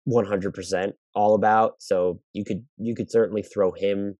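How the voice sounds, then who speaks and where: Man, low voice, dry close sound, casual solo podcast, hedging and restarting. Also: fairly even intonation, normal speed, a little mellow, no echo. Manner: thinks aloud with frequent restarts and hedging. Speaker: basketball podcast host answering listener questions.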